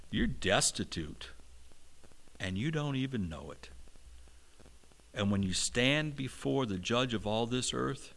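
A middle-aged man preaching a sermon, slow and emphatic, with a touch of humor. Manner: slow, emphatic preaching with lively pitch swings. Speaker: pastor.

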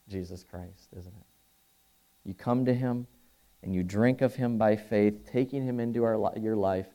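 Earnest male pastor mid-sermon; mellow, warm voice with emphatic phrasing. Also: on the low side.

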